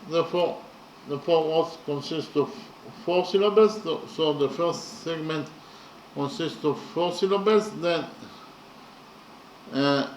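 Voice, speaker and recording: A man talks through a poem in a careful, unhurried lecture, stopping often to count and restate each point. His voice sits a little high and moves very slowly. The sound rings in a reverberant room with a faint hum of ambience. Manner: slow and methodical, with many pauses and fillers. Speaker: lecturer on poetry. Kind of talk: slow explanatory lecture.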